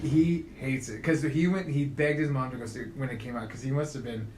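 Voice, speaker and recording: A young man co-hosting a podcast, chatting and telling a story in a relaxed, loose way. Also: mid-range voice, fairly quick. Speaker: podcast co-host. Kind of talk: casual chat. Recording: echoey room with faint background noise.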